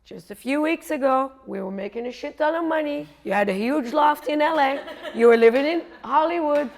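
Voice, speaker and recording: Woman putting on a high shrill inner voice, frantic, scolding, loud, gravelly edge. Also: lively intonation, moderate pace. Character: panicked shrill female inner critic voice.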